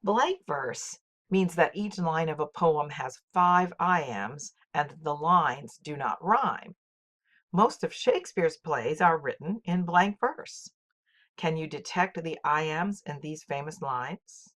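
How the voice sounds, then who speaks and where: A woman teaching, reading a scripted poetry lesson in a clear, measured way and reciting poems with marked rhythm. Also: sits low, animated, a bit bright. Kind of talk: scripted educational narration.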